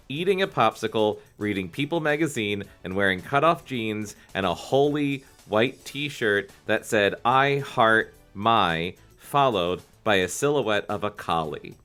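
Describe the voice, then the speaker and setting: A man co-hosting a comedy podcast, reading a children's book aloud with jokey asides and squeaky put-on voices. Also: animated, unhurried, a bit bright, faint music behind.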